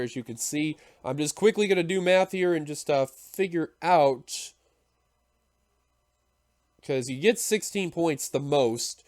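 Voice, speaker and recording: Male race caller, high-pitched and breathless, energetic play-by-play, dry booth sound. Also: dry recording. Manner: excitable, builds to shouting at the finish. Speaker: race commentator. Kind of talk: sim racing play-by-play commentary.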